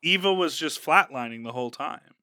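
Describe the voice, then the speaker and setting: Male co-host, animated recap chatter, bright tone, slightly high pitch. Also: clean tone, no room sound, studio quality. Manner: animated, quick to act out quotes. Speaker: podcast co-host. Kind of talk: casual chat recapping a reality show.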